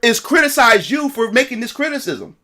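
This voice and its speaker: A man's voice: very high voice, very animated, fairly quick, sharp tone. A man telling a story in a casual livestream rant, profane and repetitive. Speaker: streamer.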